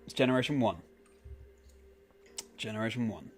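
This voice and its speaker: A man's voice: on the low side, moderate pace, soft background music. A man casually chatting on a live game stream, greeting viewers by name and answering their comments as he plays.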